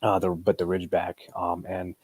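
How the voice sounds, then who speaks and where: Deep-voiced guy hosting a podcast, rambly, dry close mic. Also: flat delivery, normal speed, darkish tone, slightly rough, dry recording. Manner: rambling and loose, full of fillers and restarts. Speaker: podcast host. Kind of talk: casual podcast chat.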